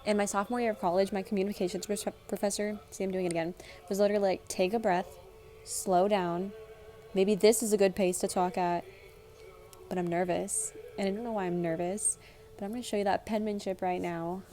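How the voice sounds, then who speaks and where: Woman, twenties, casual vlog chat, fast nervous talker, rambling. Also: medium pitch, steady tone, mellow, faint music behind. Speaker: vlogger.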